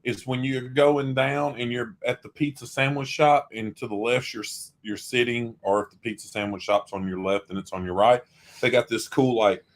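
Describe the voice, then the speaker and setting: A Southern man hosts a casual live stream, joking and teasing his co-host as he rambles through shout-outs. His pitch sits in the middle of the usual range for a man. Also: fairly even intonation, normal speed. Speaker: co-host of a travel livestream. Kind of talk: casual livestream chat.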